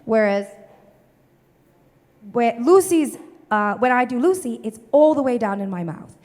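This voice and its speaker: A Canadian woman comedian answering audience questions in a cartoonish transatlantic accent, breathy and low in the mouth, from the chest, explaining with lots of filler words. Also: a little slow. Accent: cartoonish transatlantic stage accent. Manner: animated explaining, many filler "like"s. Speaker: comedian in character. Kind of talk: stage Q&A with audience. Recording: reverberant theater hall.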